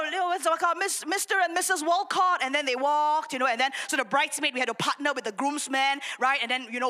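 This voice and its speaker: Young woman pastor, high ringing voice, animated sermon delivery. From Singapore. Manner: animated storytelling, self-mocking with laughs and acted gasps.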